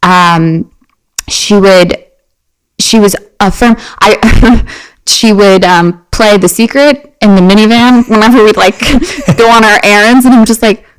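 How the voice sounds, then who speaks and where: Woman, podcast guest, casual chat, mid-range pitch, chatty, many fillers and restarts, animated storyteller. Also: measured pace, smooth, low-quality recording.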